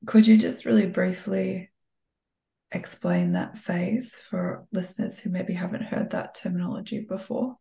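A woman hosting a podcast, asking gentle, reflective questions of her guest. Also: fairly low pitch, fairly even intonation, measured pace, gravelly. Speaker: podcast host. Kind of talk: interviewing. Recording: echoey room.

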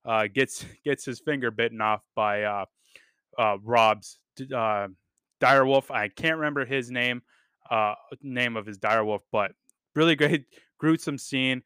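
A man's voice: mid-range voice, unhurried, sharp tone, clean tone, dry recording, clean studio sound. A man hosting a podcast, rambling enthusiastically in casual chat with lots of fillers and the odd swear word. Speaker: podcast host reviewing a TV series.

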